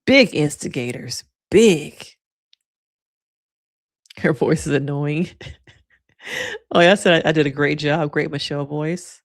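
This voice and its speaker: A woman's voice: low-pitched, a little slow, long pauses, no echo, studio quality. A woman giving casual, sassy reaction commentary on a reality show, laughing often and talking in a playful way.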